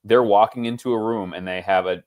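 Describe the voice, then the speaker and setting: A man with a notably low voice co-hosting a football podcast. He rambles through long, winding points and slips into quick impressions of other people as he tells them. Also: steady tone, a little mellow. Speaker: podcast co-host. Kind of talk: casual chat.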